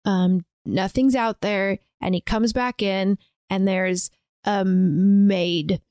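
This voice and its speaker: A woman's voice: mid-range voice, slow, dry recording, clean studio sound. A woman co-hosting a podcast, recapping a film in casual chat and acting out lines from scenes. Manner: animated storytelling, acts out quotes. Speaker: podcast co-host.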